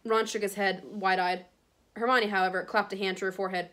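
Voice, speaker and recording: A woman teacher reads a chapter aloud to her class in a steady storybook voice. Her voice sits at an ordinary middle pitch. She trips over a word now and then and calmly goes back to correct it. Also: a little fast. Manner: steady, with small stumbles and self-corrections. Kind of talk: reading a novel aloud.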